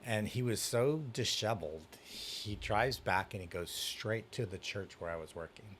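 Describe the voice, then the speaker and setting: In a relaxed chat, a youth pastor spins an animated story, voicing the characters' dialogue himself. His voice is lowish and moderately paced, with slight hiss or hum in the background.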